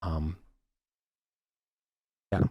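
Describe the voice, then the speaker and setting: A man narrating as game master over a voice call, halting and full of fillers. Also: dry recording, lo-fi sound. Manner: halting, many fillers and restarts. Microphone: computer mic on voice call.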